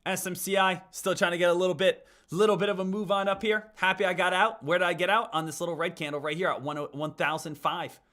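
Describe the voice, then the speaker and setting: A man commentating on his live trading session, calling out to viewers in an energetic, chatty way. His voice is high for a man and bright, with a forceful edge. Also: quick pace, few pauses. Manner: energetic, talks straight to viewers as "guys". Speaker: live stock trading streamer.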